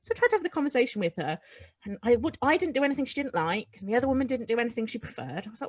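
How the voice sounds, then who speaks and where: A woman's voice: on the high side, very animated, very fast. A woman co-hosting a casual live-stream chat, telling stories and acting out what people said. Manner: chatty storyteller who acts out quotes. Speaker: podcast co-host and theatre workshop leader.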